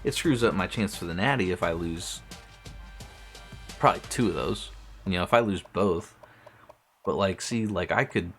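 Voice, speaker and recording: Streamer, male, young adult, deep voice, loose swearing game commentary with faint music under it. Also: normal speed, pauses often, fairly bright tone. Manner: talks to himself while playing, swears often, restarts sentences. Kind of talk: casual gameplay commentary.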